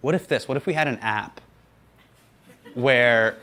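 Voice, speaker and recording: A man answering audience questions in a casual comedic Q&A, animated and joking, laughing often. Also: mid-range voice, measured pace, slight background noise.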